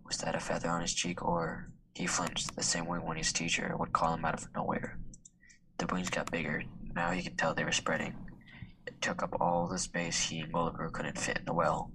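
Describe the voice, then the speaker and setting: A man reading a story aloud in a hushed, half-whispered way. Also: low voice, monotone, moderate pace, noisy background. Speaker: student reader.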